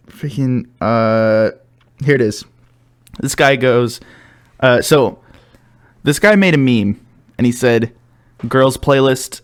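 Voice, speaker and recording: Young guy podcast cohost, rambly, laughs a lot, trips over his words. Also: mid-range voice. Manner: rambling, laughs often, stumbles and restarts. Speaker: podcast co-host. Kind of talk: casual chat.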